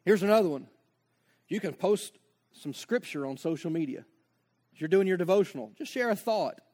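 A man's voice: sits high, animated, moderate pace, darkish tone. A man preaching a sermon as pastor, conversational, with joking asides and acted-out dialogue.

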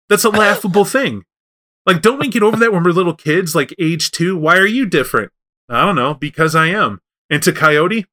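Bright-voiced man rambling through a story. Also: fairly high pitch. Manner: rambling, restarts, animated storytelling. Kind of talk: casual chat about tabletop role-playing.

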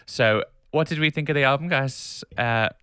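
A man's voice: medium pitch, moderate pace, fairly bright tone, smooth. A man co-hosting a casual podcast, ranting with strong opinions and laughing easily. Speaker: podcast co-host.

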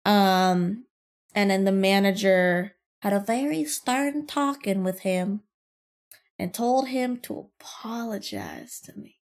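In a slow, mid-range voice, this young podcast host laughs her way through a story about her job. The chat is loose and animated, peppered with swearing and plenty of fillers.

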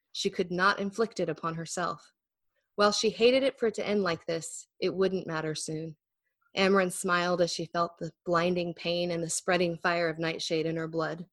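A woman's voice: on the low side, no echo. A woman author talking casually about her writing with a self-deprecating, easy laugh, then reading her fantasy chapter aloud. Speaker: author and guest. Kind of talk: casual interview chat and book reading.

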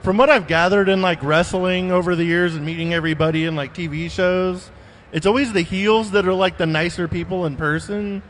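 A man co-hosting a casual chat, sharing his thoughts with a fan's enthusiasm. His voice is fairly high for a man. A faint hiss sits under the recording. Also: steady tone, fairly quick, a bit bright, big-room sound. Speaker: podcast co-host.

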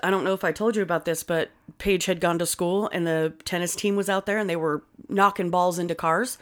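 A woman's voice: fairly low pitch, fairly even intonation, brisk. A woman in her forties co-hosting a podcast at a studio mic, telling loose, profane stories in casual chat. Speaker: podcast co-host. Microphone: studio microphone.

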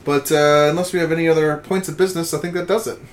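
A man's voice: fairly high pitch, steady tone, quick pace, a little hiss or hum. A man co-hosting a casual podcast chat, laid-back and chuckling between remarks. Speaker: podcast co-host.

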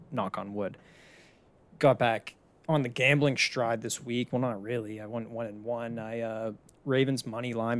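Casual young man chatting solo. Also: medium pitch. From Pittsburgh area. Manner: loose, chatty, swears casually. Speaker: podcast host.

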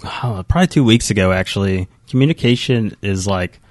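A man's voice: lowish voice, lively intonation, brisk, darkish tone, no room sound, studio quality. A man co-hosting a podcast in casual chat, blunt and crude in his jokes. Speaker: podcast co-host.

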